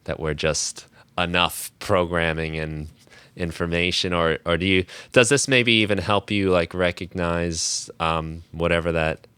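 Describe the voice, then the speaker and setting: Guy hosting a podcast, real low voice, dry close sound, kinda thinks out loud. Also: steady tone, unhurried, clear, resonant tone, no echo. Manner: curious, thinking aloud with restarts. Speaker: podcast host. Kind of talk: casual interview talk.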